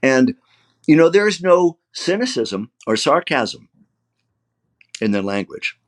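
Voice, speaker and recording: A man's voice: fairly high pitch, takes it slowly. Older man telling emotional stories. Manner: emotional, animated anecdotes with acted-out quotes. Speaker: actor guest. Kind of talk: conversational interview storytelling.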